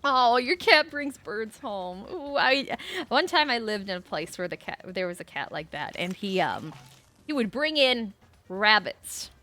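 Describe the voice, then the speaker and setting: A woman streaming a video game, chatting casually with viewers and telling rambling, animated stories with bursts of swearing. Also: mid-range voice, unhurried. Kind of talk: casual gameplay chat.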